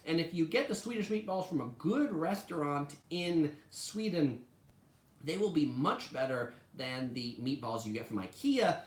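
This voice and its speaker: Chatty and full of "like" fillers, a travel channel host leads a casual live stream on food. Her voice sits low, with lively intonation and normal speed, and the sound is reverberant.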